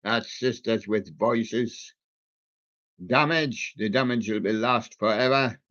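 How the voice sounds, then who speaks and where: A man's voice: lowish voice, takes it slowly, fairly bright tone. A man hosting a live music stream, joking and punning on song titles as he goes. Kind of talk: playful music chat. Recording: dull lo-fi sound.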